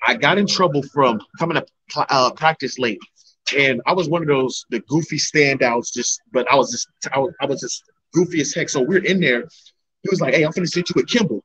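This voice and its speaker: Young man, fighter, fast talker, lively anecdotes, casual interview. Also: medium pitch, breathy edge, no room sound, poor audio. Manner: animated storyteller, acts out his coaches' lines. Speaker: MMA heavyweight fighter, guest.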